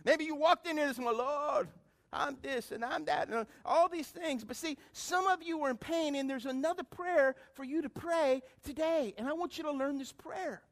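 A middle-aged man preaching a sermon, calling out to the congregation and swinging between loud appeals and hushed lines. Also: extremely high pitch, normal speed, few pauses. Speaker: pastor.

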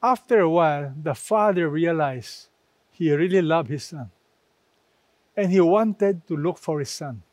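Slow, high-voiced male preacher. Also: lively intonation, darkish tone, no room sound. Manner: slow, deliberate preaching with emphatic phrases. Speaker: pastor. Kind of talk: sermon.

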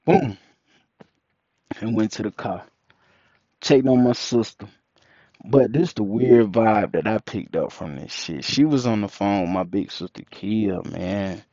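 A young man telling a story casually, animated and profane, acting out the people in it. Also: lowish voice, a little slow, pauses often, no room sound. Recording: dull, muffled, dry recording.

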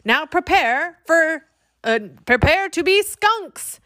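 A woman voicing a tiny, haughty fairy king who gives commands in a squeaky voice. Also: animated, slow, a bit bright, no echo, clean studio sound, heavily acted. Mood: commanding.

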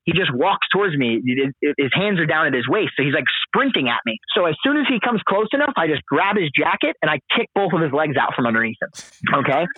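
With a husky voice on the high side, a man of late 20s or older recounts a wild story on a podcast, casual and animated, full of swearing and fillers. It comes through a dry, phone-like line with no room sound.

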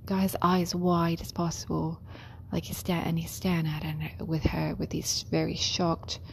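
A woman who works as a care worker tells a story in a chatty way. She laughs often and slips into soft, whispery asides. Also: low-pitched, little pitch movement, moderate pace, creaky, slight background noise. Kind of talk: casual storytelling.

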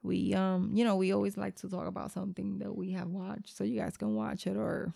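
A woman's voice: medium pitch, flat delivery, a little fast, creaky, dark tone, no room sound, studio quality. A woman, co-hosting a casual chat and telling stories, swearing freely and dropping in Spanish words. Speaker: podcast co-host.

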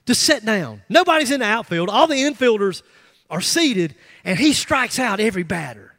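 A middle-aged male pastor with a high voice tells his story in an emphatic, lively way, often stopping to restart a phrase. His sermon rings out with the long reverb of a large church hall. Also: normal speed. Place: church sanctuary.

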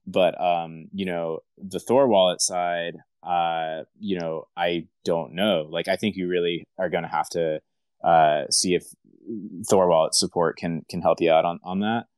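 Deep, smooth-voiced man co-hosting casually. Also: fairly even intonation, unhurried, a little mellow, no room sound. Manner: hesitant, many fillers, laid-back. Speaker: co-host. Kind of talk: casual chat on a live audio call.

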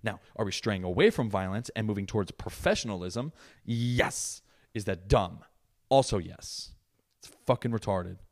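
A young man hosting his own podcast, ranting alone in a profane, sarcastic and animated way. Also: on the low side. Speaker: podcast host. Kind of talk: solo podcast rant.

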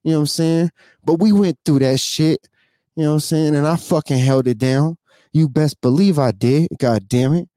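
Man in his thirties, higher voice, dark tone, dry sound: tearful profane rant to camera, lots of sighs. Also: moderate pace, no room sound. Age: 30s. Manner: profane, repetitive, keeps asking "you know what I'm saying". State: tearful, sighing. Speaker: vlogger. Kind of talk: emotional unscripted rant to camera.

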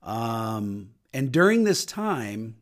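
A middle-aged man, a minister hosting a podcast, talking earnestly in a preaching manner, lifting his voice on scripture and dropping low for personal stories. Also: big pitch swings, drawn-out words. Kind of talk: podcast sermon talk.

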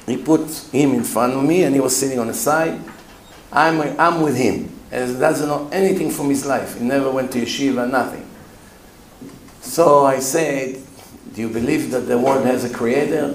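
A man's voice: medium pitch, unhurried, long pauses. A man, a rabbi, telling a story as a sermon, emphatic, with non-native English phrasing. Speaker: rabbi and lecturer. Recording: roomy hall with faint room noise.

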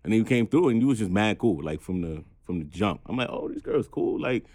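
A man's voice: lowish voice, expressive, fast talker, darkish tone, dry recording, studio quality. A man hosting a podcast, telling stories in casual chat and teasing his guests with jokes. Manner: teasing, joking storyteller. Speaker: podcast host.

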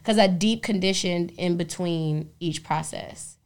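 A young adult woman co-hosting a podcast, telling stories in a lively, profane, casual way. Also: lowish voice, unhurried. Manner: animated, profane storytelling. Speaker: podcast co-host. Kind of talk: casual chat.

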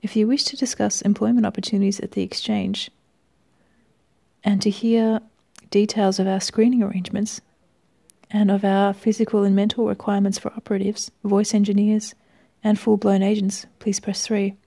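A woman's voice: mid-range voice, level tone, normal speed, creaky, warm tone. A woman reading out the options of an automated phone menu in a bland, recited way.

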